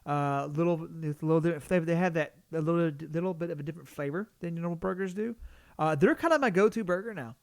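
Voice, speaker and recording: A man's voice: a little high, fast, no room sound, clean studio sound. A man co-hosting a casual podcast, rambling through his thoughts with many restarts. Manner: rambling, full of restarts and fillers. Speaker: podcast co-host.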